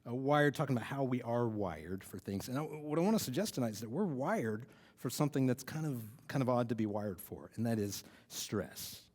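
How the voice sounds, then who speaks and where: A man's voice: medium pitch, animated, brisk, hardly any pauses, darkish tone. Guy doing a chill youth sermon, rambly, says like and uh a lot, long echo like a big hall. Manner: loose, rambling, lots of "like" and "uh", chuckles. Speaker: youth pastor. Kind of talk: casual sermon talk.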